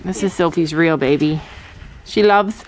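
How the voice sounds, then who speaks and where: A woman's voice: low-pitched, measured pace, poor audio. A woman in her fifties, vlogging casually from a cold barn, talking candidly and emotionally and now and then breaking off to chat to her animals. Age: 50s. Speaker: farm vlogger.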